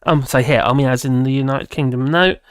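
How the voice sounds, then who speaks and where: A man's voice: mid-range voice, steady tone, fairly quick, clear, resonant tone, no room sound, studio quality. A man hosting a casual livestream, rambling and humming to himself while he looks for things. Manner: rambling, hums while searching. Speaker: livestream host.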